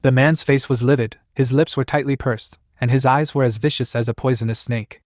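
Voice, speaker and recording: A man reading a story recap as scripted narration, in an even, plain voice. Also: mid-range voice, fairly quick, dry recording, clean studio sound.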